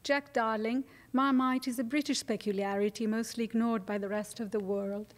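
A woman's voice: on the high side, fairly even intonation, normal speed, close to an everyday voice. A woman voicing a cheerful, barefoot British hippie mother who talks in a sing-song, affectionate way. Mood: gushing.

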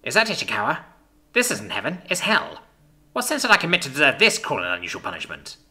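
A man voicing a panicky female alien captain with tentacles, squealing in a high voice. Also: huge pitch swings, fast talker, sharp tone, heavily acted. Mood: dazed.

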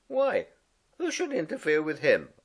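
A timid, eager young male mole pipes up in a high, breathless voice, as a man puts him on. He sounds wide-eyed and excitable, a storybook creature with a lively, bouncing lilt. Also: unhurried, breathy edge, heavily acted. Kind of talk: storybook reading.

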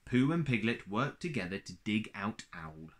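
Brief: male storyteller, lowish voice, very lively intonation, gentle bedtime read. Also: moderate pace. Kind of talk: children's story reading.

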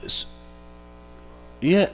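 A man teaching an interactive religious workshop, animated and firing rhetorical questions at his audience. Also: very slow, big-room sound, faint music behind.

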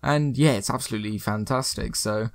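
A man's voice: fairly low pitch, brisk, no room sound. Young man, gameplay commentary, chatty and upbeat, dry close-mic sound. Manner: chatty and upbeat, with some rambling. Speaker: gaming video host.

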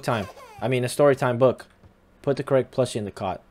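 A man's voice: medium pitch, fairly quick, darkish tone, a little hiss or hum. A young man giving casual game commentary, teasing and talking back to the characters on screen. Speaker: gamer.

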